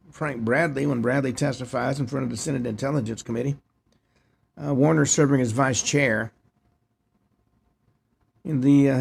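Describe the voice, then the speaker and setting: Gravelly-voiced male news commentary host. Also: medium pitch, a little mellow. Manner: reads headlines and adds opinionated asides.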